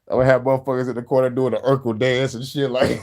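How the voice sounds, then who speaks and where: A man hosting a casual show, telling profane stories with lots of laughter. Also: mid-range voice. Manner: laughing, animated, profane storytelling. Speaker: host. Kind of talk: casual chat over music.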